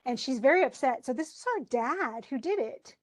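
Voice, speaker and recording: A woman teacher with a fairly high voice talks through a play in a relaxed, chatty way. She wanders off onto side topics. She keeps translating old phrasing into simple modern words. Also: moderate pace. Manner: chatty and digressive, paraphrasing old text into plain words. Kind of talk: informal lesson explaining a play.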